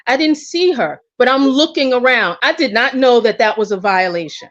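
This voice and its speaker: A woman with a slightly high voice tells a personal story with candid energy, often stumbling and restarting mid-sentence. The audio is somewhat dull and lo-fi. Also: normal speed, few pauses. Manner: candid, animated, with frequent restarts. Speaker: guest. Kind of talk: casual storytelling.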